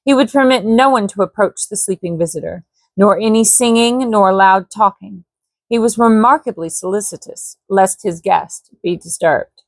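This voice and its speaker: A woman reading a classic adventure novel aloud as a bedtime story, gentle, with casual asides to her listeners. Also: medium pitch, moderate pace, dry recording. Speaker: storybook reader.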